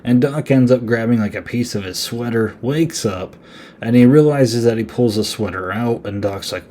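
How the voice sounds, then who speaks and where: A man's voice: mid-range voice, normal speed, dark tone, slight background noise. A young man hosting a podcast, giving a casual, rambling movie review full of fillers and sarcastic asides. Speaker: podcast host.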